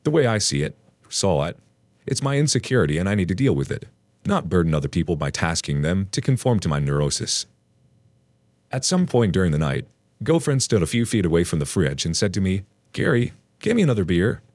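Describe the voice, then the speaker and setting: Deep-voiced guy reading a reddit story, wry and animated, swings his pitch around a lot. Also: brisk, no echo. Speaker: story channel narrator. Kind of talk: scripted narration of a forum post.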